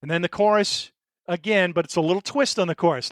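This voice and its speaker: A man's voice: high voice, fairly quick, dry recording, studio quality. A middle-aged man co-hosting a podcast in casual chat, earnest and emotional, hesitating with fillers and restarts. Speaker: podcast co-host.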